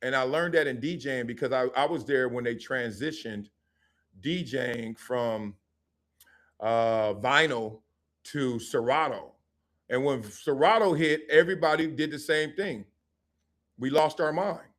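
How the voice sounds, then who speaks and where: A middle-aged man, a former football player, hosting a live sports talk stream and telling stories in a lively, joking way. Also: medium pitch. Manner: animated storytelling with laughs and quick asides.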